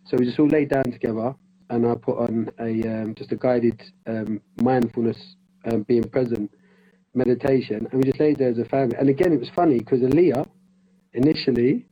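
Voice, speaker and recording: Husky man, rambling and muffled. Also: medium pitch, fairly even intonation, brisk. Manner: rambling with many restarts. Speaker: life coach in training. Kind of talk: casual conversation.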